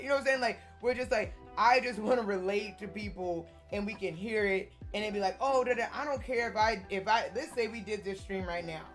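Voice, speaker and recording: A young adult woman streamer in casual chat with her viewers, rambling and animated, swearing freely. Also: mid-range voice.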